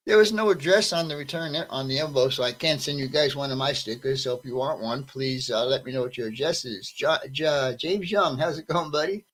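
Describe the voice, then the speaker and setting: Greeting his live stream chat, a man warmly calls out each viewer by name in a casual, friendly chat. He speaks briskly with almost no pauses, in a medium-pitched, fairly bright voice, over a low-quality recording.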